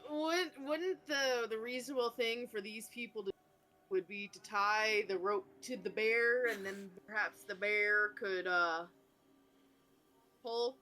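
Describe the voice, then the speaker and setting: A woman's voice: medium pitch, slow, sharp tone, poor audio. Wry, giggly woman gamer. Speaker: player. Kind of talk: casual tabletop game chat.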